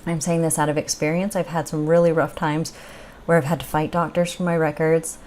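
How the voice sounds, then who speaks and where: A woman's voice: deep voice, little pitch movement, fairly quick, a little mellow, slight background noise. A woman vlogger telling a personal story in a chatty, upbeat way with the odd laugh. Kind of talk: casual chat.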